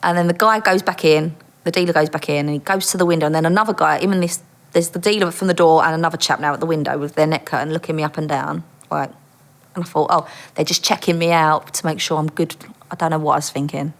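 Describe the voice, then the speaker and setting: Lively woman telling a story. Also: deep voice, quick pace. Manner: lively, acts out quoted voices, laughs often. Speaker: guest, former undercover police officer. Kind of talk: animated anecdote telling.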